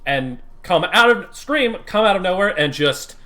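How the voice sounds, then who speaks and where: A man's voice: high-pitched, lively intonation, normal speed, pushed and bright. A man narrating a tabletop role-play as game master, rambling and describing vividly with many fillers.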